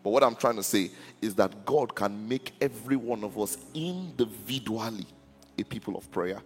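Lively-pitched preacher in a reverberant hall. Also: male voice, normal speed, faint music behind. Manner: repeats "are you listening" to the congregation; stammers and restarts words. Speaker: pastor. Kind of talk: sermon. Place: church.

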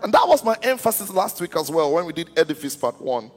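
Pastor, man, fairly high voice, sermon style, stammers and checks in with the crowd; echoing hall. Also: sing-song, fast, faint music behind. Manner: repeats "are you listening" to the congregation; stammers and restarts words. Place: church.

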